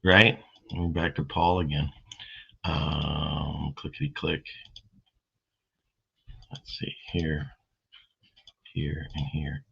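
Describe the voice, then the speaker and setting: A man's voice: very deep voice, level tone, very slow, vocal fry, long pauses, pushed and bright, slightly rough. A man hosting a casual live stream, rambling in a folksy way as he reads out viewer comments. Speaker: streamer host. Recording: dull lo-fi stream audio.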